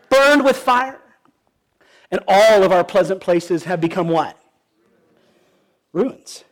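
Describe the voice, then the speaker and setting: A pastor preaching a sermon in an earnest, pleading way, asking the congregation questions and often restarting his sentences. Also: high voice.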